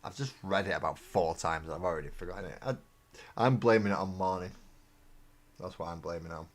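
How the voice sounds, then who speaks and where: A deep-voiced English man talks loosely through a live stream while he works on models at his desk. He rambles and mocks himself, and his words often trail off into mumbles. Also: brisk. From England. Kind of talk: casual live-stream chat while building miniatures. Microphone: desk mic on a live webcam stream.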